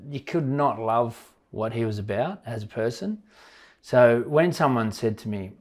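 A man's voice: medium pitch, lively intonation, measured pace, darkish tone. A man, a coach hosting a podcast interview, talking loosely and repeating himself as he goes. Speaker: podcast host, sports coach. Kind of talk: casual interview chat.

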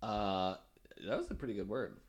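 A man's voice: lowish voice, sing-song, normal speed. A man co-hosting a casual chat, cutting in with jokes. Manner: joking interjections. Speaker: co-host.

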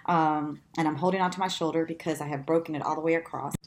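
Woman guest, low voice, chatty storyteller who laughs a lot and acts out quotes. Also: fast talker. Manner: animated, laughs often, acts out quotes in a much higher voice. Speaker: interview guest. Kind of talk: conversational storytelling.

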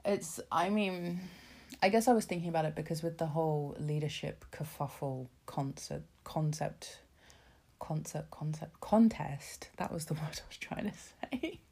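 A woman's voice: low voice, normal speed, warm tone, husky. A woman ranting casually about politics, sarcastic and exasperated, swearing freely and filling with asides. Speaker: vlogger.

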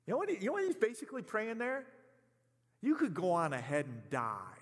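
A man's voice: high voice, very animated, fairly quick, long reverb tail. A man preaching a sermon in an impassioned, conversational way, often repeating words as he speaks. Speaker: pastor.

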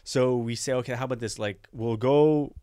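A man, a podcast co-host, telling a travel story in a casual, profane, animated way, jumping his pitch when he quotes people. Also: normal speed, dry recording, clean studio sound.

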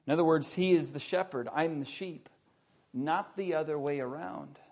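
A man preaching a sermon, slow and deliberate, stressing key words loudly and dropping to hushed low lines. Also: gravelly.

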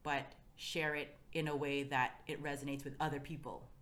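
A woman's voice: low-pitched, level tone, moderate pace, a bit bright. A woman talking earnestly as a podcast guest, giving motivational advice in a casual chat and often asking "you know what I mean".

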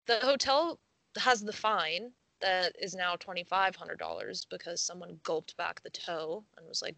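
A woman's voice: lowish voice, measured pace, vocal fry, sharp tone, no room sound, rough recording. A young woman co-hosting a casual podcast, reading a news story aloud with frequent giggles and casual swearing. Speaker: podcast co-host.

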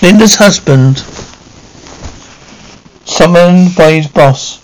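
A man reading a horror comic aloud, halting and stumbling over words. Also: a little high, fairly even intonation, creaky, a little mellow, low-quality recording.

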